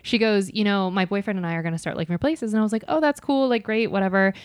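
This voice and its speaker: A woman's voice: mid-range voice, fast, smooth, dry recording, clean studio sound. A woman in her twenties, a podcast co-host, telling a story in casual chat and acting out the quoted dialogue.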